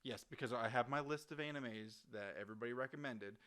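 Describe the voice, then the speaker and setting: A man co-hosting a casual gaming podcast, excitable and rambling, swearing often. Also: mid-range voice, fast talker. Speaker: podcast co-host. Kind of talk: casual chat.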